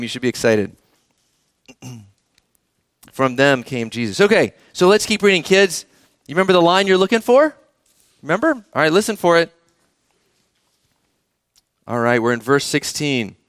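A man's voice: fairly high pitch, fairly bright tone, no echo, clean studio sound. A man preaching a sermon, reading scripture aloud and asking the children in the congregation questions. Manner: engaging, asks the children questions. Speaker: pastor.

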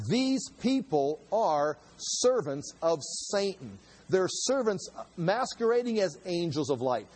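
A man's voice: on the high side, a little mellow, husky, rough recording. A middle-aged man, a pastor, preaching a sermon in a conversational way, with asides and rhetorical questions.

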